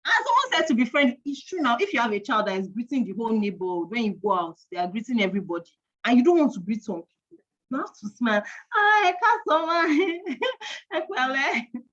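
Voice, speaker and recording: A woman hosts a live online parenting quiz. Her voice sits a little high. She counts aloud and teases the audience in a playful, chatty way, and the stream audio sounds dull and lo-fi. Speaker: host of an online parenting event.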